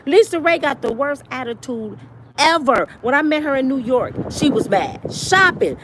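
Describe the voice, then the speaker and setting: A woman in her fifties giving blunt, animated and profane celebrity gossip commentary on her vlog. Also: high-pitched, normal speed, background noise. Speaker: vlogger.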